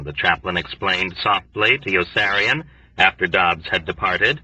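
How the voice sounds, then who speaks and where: Brief: male audiobook narrator, measured storytelling, husky edge, dry room, a bit off-mic. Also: low voice, bright, forceful tone, no room sound, distant mic, lo-fi sound. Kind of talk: scripted narration.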